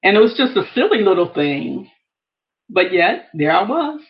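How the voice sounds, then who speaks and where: A woman's voice: fairly low pitch, very animated, normal speed, dull audio. A woman giving earnest devotional teaching, reading scripture aloud and repeating key phrases. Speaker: Bible teacher.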